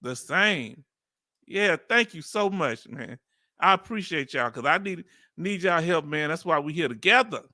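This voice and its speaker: A man with a Southern accent hosting a reaction video, talking casually in a playful, animated way and laughing often. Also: a little high, unhurried, no echo, studio quality. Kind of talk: casual live reaction commentary.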